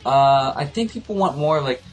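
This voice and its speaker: Rambling reviewer, mid-pitched voice, swears a lot, exasperated, faint music behind. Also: expressive, normal speed. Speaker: anime reviewer. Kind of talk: casual ranting review.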